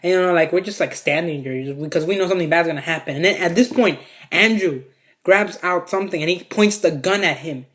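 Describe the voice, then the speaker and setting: A man's voice: fairly high pitch, fairly quick, fairly bright tone. Rambling, foul-mouthed young man. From Mexico. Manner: rambling, heavy swearing, many fillers. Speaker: vlogger. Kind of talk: casual storytime.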